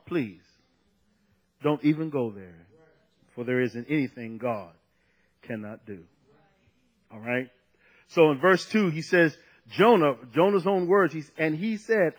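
A man's voice: high voice, expressive, unhurried, fairly bright tone, low-quality recording. A man preaching a sermon, conversational and at times emphatic, drawing out key phrases.

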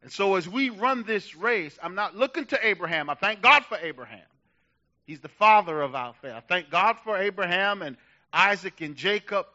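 A man preaching a sermon to a church, building from quiet passages to loud, emphatic shouts. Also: sits high, expressive, moderate pace, muffled recording. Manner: rising to shouts, dramatic.

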